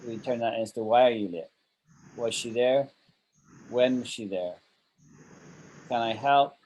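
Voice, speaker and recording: A man's voice: mid-range voice, measured pace, a little mellow, slight background noise, low-quality recording. A man teaching an online English grammar lesson, patiently walking through example sentences and checking that his students follow.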